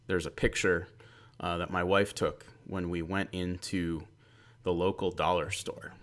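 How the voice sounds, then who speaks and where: A man with a deep, low voice talks to his viewers in a loose, rambling monologue. He drifts off into asides, corrects himself mid-sentence, and keeps the tone chatty and offhand. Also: a bit bright. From central Pennsylvania. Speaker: vlog host. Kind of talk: casual monologue.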